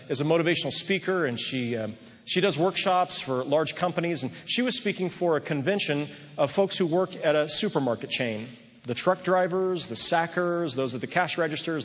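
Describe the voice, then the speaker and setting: A man's voice: on the high side, slightly rough. A man preaching a sermon as pastor, telling a story earnestly with frequent restarts. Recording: long reverb of a large hall.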